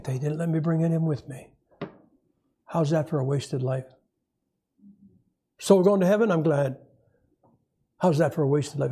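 Middle-aged pastor, husky, high-pitched man, wry storyteller sermon. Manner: storytelling preacher, animated and wry.

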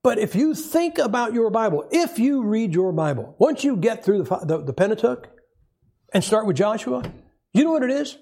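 A man's voice: big pitch swings, normal speed, gravelly, dark tone. A man preaching a sermon in a folksy, conversational way, acting out quoted voices and asking the congregation questions. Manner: folksy, conversational, acts out quotes with rising pitch.

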